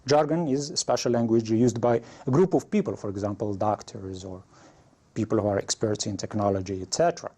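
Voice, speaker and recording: A man's voice: lowish voice, brisk, mellow, breathy edge. A man teaching an English lesson, reading out example situations and asking his learners what they would say. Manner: reads example prompts aloud, asks learners questions. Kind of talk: classroom lesson.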